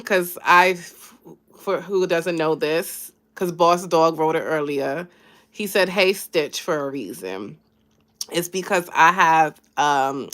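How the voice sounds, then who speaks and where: Speaking with a fairly low pitch and a fairly bright tone, a woman life coach chats casually on a live stream, cheering on her audience and naming viewers as she thanks them.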